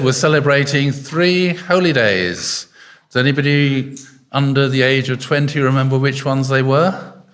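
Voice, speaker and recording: A man with a medium-pitched, slightly bright voice gives a casual sermon in an arts centre hall. He fills his talk with fillers and keeps stopping to put questions to his listeners.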